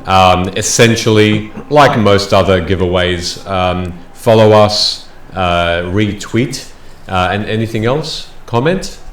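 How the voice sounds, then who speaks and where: A man hosting a live tabletop game stream, making casual announcements in a rambling, halting way that keeps restarting phrases. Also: lowish voice. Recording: roomy echo, faint noise.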